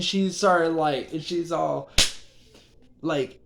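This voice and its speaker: A man's voice: mid-range voice, measured pace. A young man casually retelling a strange dream, rambling with constant fillers and the odd swear word. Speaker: vlogger.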